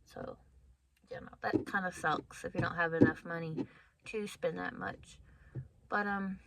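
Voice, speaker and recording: A woman's voice: fairly low pitch, fairly even intonation, normal speed, creaky, heavy background noise. A woman in her thirties casually telling a personal story to her viewers, candid and chatty, often laughing and calling them guys. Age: 30s. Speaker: vlogger.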